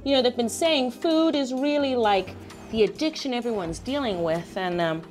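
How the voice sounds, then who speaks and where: A woman leading a comic workout and bantering with an audience, loud and crude, full of exclamations. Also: a little high, animated, normal speed, soft background music.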